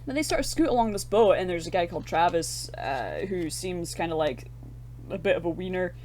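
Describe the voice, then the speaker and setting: Sweary, laughing woman with a lower voice. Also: lively intonation, fairly quick, darkish tone, a little hiss or hum. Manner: loose, sweary, laughing retelling of scenes. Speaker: podcast co-host. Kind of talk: casual film review chat.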